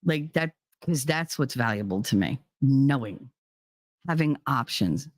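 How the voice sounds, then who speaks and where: A woman's voice: extremely low pitch, expressive, unhurried, no room sound, studio quality. A woman with a New Jersey accent giving a blunt, profane, fiery rant to her viewers. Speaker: vlogger. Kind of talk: ranting monologue.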